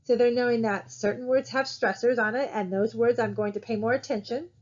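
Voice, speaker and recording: Her voice is a little high, steady in tone, and brisk as she delivers a college lecture conversationally. Fillers and "right?" tags come up often, captured in a dull lo-fi recording.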